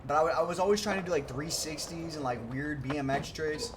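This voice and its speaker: A man's voice: on the high side, quick pace, background noise. A young man in casual live-stream storytelling, rambling and full of "like" fillers as he tells childhood stories to chat. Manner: rambling, filler-heavy, uses "like" constantly.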